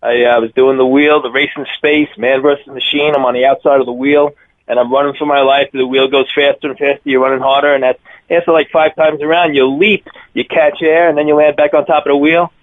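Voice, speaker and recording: A man's voice: medium pitch, a little fast. A man in his fifties with a Long Island accent, telling rambling stories as a radio guest, full of fillers. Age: 50s. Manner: rambling, fillers, energetic storyteller. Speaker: radio guest, circus daredevil. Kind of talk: phone-in interview storytelling. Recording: tinny phone line.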